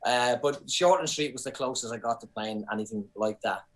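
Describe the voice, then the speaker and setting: An Irish man talks casually on a podcast, spinning anecdotes with lively energy. He often restarts his sentences as he goes. His voice sits in a middle pitch. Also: brisk, low-quality recording. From Ireland. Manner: animated storyteller, many restarts. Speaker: guest comedian and actor.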